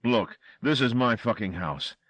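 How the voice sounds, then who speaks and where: A man's voice: fairly low pitch, lively intonation, moderate pace, no echo, pitched above the performer's own voice, lightly acted. A man voicing a frightened, blustering male chauffeur who insists and pleads. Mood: scared.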